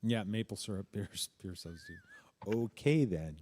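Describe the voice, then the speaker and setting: A man's voice: lowish voice, lively intonation, normal speed, warm tone, big-room sound. A man co-hosting a casual youth group livestream, playful and joking.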